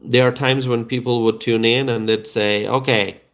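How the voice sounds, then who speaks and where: A middle-aged man, hosting a casual live stream and chatting to viewers, halting and full of fillers and restarts. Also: medium pitch, fairly even intonation, a bit bright. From Bangladesh.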